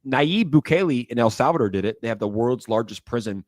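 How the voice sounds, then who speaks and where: A man hosting a casual livestream chat, joking and animated as he tells stories. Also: medium pitch, fairly quick, dry recording, clean studio sound. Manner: animated, joking, does voices in anecdotes. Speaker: livestream host.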